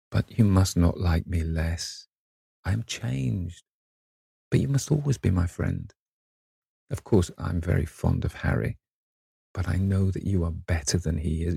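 A man reading the lines of a vain, petulant young gentleman in an audiobook, pleading and imperious by turns. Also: sits low, gravelly, husky, dry recording, studio quality, heavily acted. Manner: pleading then imperious, measured delivery.

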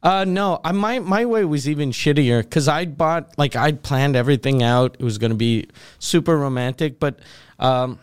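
Podcast co-host, male, slightly high voice, rambling crude storyteller, dry sound. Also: normal speed, clean tone, no echo. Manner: rambling storyteller, swears often. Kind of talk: casual crude chat.

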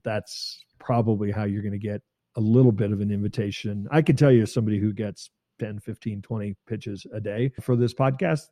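A man hosting a podcast, talking reflectively and backing his guest with quick affirmations. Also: on the low side, warm tone, dry recording. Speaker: podcast host. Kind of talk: casual interview chat.

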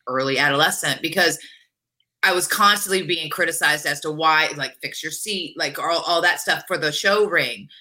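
A woman's voice: low-pitched, bright, forceful tone. A middle-aged woman guest speaking frankly in a rambling, casual way with many fillers. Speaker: guest, wrestler. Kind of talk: casual interview chat.

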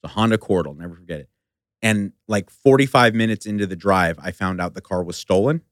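Low-voiced man telling a rambling story. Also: no room sound, studio quality. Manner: rambling, halting, profane storyteller. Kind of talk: casual storytelling chat.

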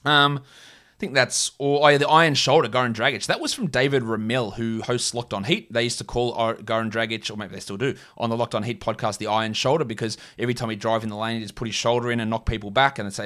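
A man's voice: mid-range voice, fast talker, bright, forceful tone. An Australian man hosting a podcast, chatting casually and joking as he thinks aloud, with plenty of fillers. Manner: rambling, jokey, thinks aloud with many fillers. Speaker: podcast host. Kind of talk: casual solo podcast chat.

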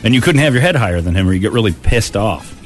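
A man's voice: lowish voice, expressive, fast talker, soft background music. A man hosting a radio show, joking, laughing often and slipping into impressions. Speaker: radio host. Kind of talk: casual chat.

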